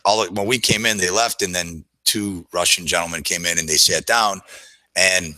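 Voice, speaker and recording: A man's voice: low voice, bright, forceful tone, no echo, rough recording. A man, a trader, telling a long personal story in a casual, rambling way, full of fillers and restarts.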